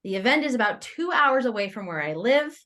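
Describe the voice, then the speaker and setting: A woman guest on an interview podcast, telling a personal story in a casual, animated way. She laughs often and acts out her own thoughts as quoted lines. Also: on the high side, fairly quick. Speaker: guest entrepreneur.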